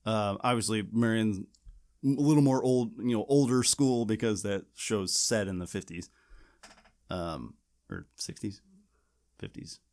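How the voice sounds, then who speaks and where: A man's voice: on the low side, unhurried, a little mellow. A man co-hosting a podcast, chatting casually and rambling with many restarts and fillers. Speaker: podcast co-host. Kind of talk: casual chat.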